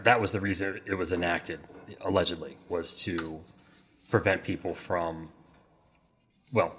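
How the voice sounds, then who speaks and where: A man who is the legal correspondent on a comedy podcast, explaining the law in a measured way with hedging restarts. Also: deep voice, fairly bright tone. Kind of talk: casual comedic podcast chat.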